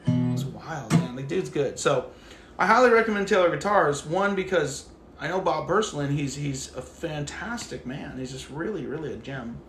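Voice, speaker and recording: A fairly high-pitched man speaks at a moderate pace over music, in a roomy-sounding recording. He's ranting casually on a phone livestream while out with his dog. He swears freely and animatedly acts out the people in his stories.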